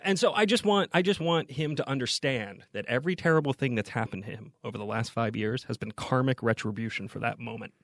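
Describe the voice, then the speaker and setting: A man co-hosting a podcast, telling an anecdote in an animated, casual way from a podcast booth. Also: mid-range voice, fast talker, few pauses, no echo, clean studio sound. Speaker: podcast co-host. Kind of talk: casual chat.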